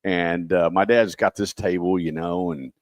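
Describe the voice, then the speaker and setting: A man hosting a radio show, telling stories with lively quoted voices. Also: sits low, normal speed, dry recording. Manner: animated storyteller, acts out quotes. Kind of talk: casual radio chat.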